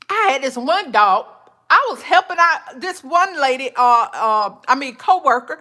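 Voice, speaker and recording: With a high voice, a woman hosts her podcast through an easygoing faith-based monologue, animated and quick to laugh, referring to her listeners as honey and child.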